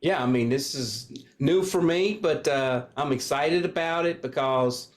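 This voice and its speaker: A man's voice: mid-range voice, unhurried. An older man from Kentucky, a pastor and candidate, speaking earnestly in an interview with frequent fillers. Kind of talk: casual interview talk.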